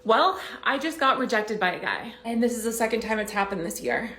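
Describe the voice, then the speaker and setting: A woman's voice: a little high, animated, fairly quick, a bit bright, echoey room. A woman talking to her viewers in a confessional monologue, self-deprecating and wry. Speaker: vlogger.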